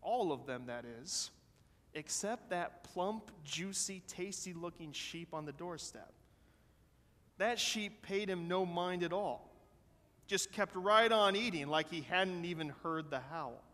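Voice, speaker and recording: A man pastor telling a story during a sermon in an animated way, voicing the characters as he goes. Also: high-pitched, slow. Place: church sanctuary. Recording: long church hall reverb.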